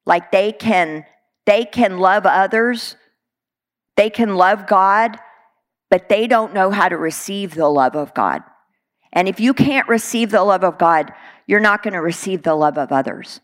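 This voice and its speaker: A woman's voice: medium pitch, lively intonation, unhurried. A middle-aged woman from Texas, preaching a sermon in an earnest, conversational way with many fillers.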